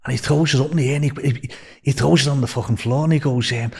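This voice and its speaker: A man's voice: mid-range voice, fairly even intonation, fast talker, gravelly, husky. An older man with a Liverpool accent, a podcast guest telling long anecdotes with restarts and swearing. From England. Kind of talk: storytelling in a podcast interview.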